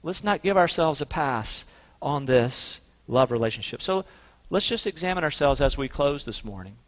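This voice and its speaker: An earnest man leading a congregation, his voice pitched slightly above the usual male range. He moves between quiet, intimate stretches and emphatic, urgent lines. He sounds like a pastor speaking in a church. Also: expressive, normal speed. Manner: earnest, swings from soft to emphatic. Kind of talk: sermon and closing prayer.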